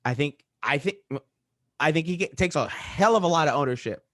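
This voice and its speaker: A man's voice: a little high, expressive, brisk, fairly bright tone, dry recording, studio quality. A young man from Orlando co-hosting a sports podcast, arguing his points with playful ribbing. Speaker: podcast co-host. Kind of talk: casual sports debate.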